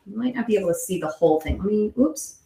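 A woman in her thirties hosts a live web show for moms, chatting casually to camera and often drifting off topic, rambling and correcting herself as she goes. Her mid-range voice is expressive, fast, creaky, and dark in tone, and the room is echoey.

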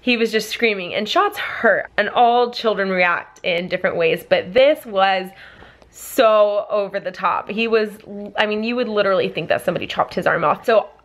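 A woman's voice: medium pitch, normal speed, a bit bright. A young woman, a mother and family vlogger, telling a story to the camera in a chatty way, full of fillers and laughter.

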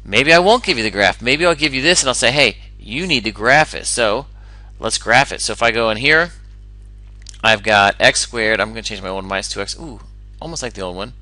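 A man's voice: mid-range voice, animated, a little fast, bright, forceful tone, dry recording, poor audio. A man teaching a recorded algebra lesson in an upbeat way, explaining step by step and asking the listener questions. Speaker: math teacher.

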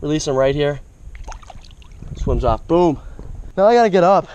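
A man's voice: on the high side, lively intonation, normal speed, darkish tone, dull audio, a little hiss or hum. A young man vlogging his fishing trip outdoors by a creek, talking into an action camera and exclaiming over each catch. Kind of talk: casual outdoor commentary.

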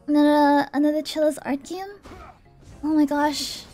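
A young woman streaming a game, chatting casually and reacting excitably, pleading and cheering as the match goes. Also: high-pitched, normal speed, soft background music. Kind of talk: live gameplay commentary.

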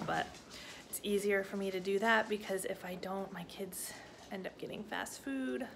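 A woman's voice: mid-range voice, normal speed, noisy background. A young adult woman chatting casually at home about her plans, rambling with lots of fillers. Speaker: family vlogger and mother. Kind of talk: casual chat to camera. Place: living room sofa at home.

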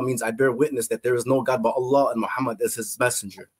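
A man telling a personal testimony in a halting way, repeating and restarting his phrases. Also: medium pitch, steady tone. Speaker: testimony guest.

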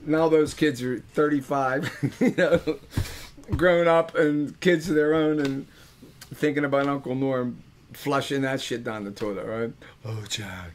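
A man's voice: mid-range voice, steady tone, measured pace, slight background noise. An older man, a musician hosting a webcast, telling rambling, joking, earthy stories between songs. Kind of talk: casual storytelling between songs.

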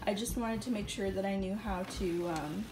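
A woman artist chatting casually in a home vlog, excitable and full of fillers, recorded on a phone in an apartment. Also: medium pitch, normal speed, background noise. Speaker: artist vlogger.

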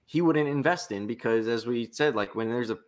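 A man's voice: medium pitch, brisk. A man co-hosting a podcast, telling stories in a casual, filler-heavy way and acting out what people said. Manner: storytelling, acts out quotes, filler-heavy. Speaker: podcast co-host. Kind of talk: casual chat.

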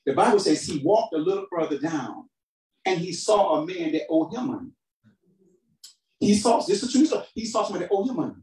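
A man's voice: animated, fairly quick. Preaching man heard from afar. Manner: swings between shouted emphasis and low, quiet asides; calls for responses from the congregation. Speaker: pastor. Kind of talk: sermon preaching. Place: church hall. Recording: roomy hall sound from a distant mic.

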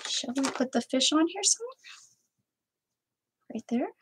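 A woman's voice: high voice, very animated, normal speed, a bit bright, low-quality recording. A woman hosting a crafting livestream, chatting casually to herself and her viewers as she stamps, with playful sing-song asides. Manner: chatty, talks to herself and to live chat, playful made-up sing-song bits.

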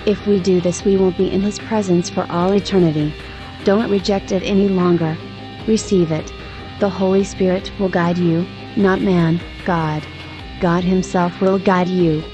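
A woman's voice: fairly low pitch, fairly even intonation, normal speed, dull audio, music in the background. A woman narrating a religious testimony in earnest, exhorting tones.

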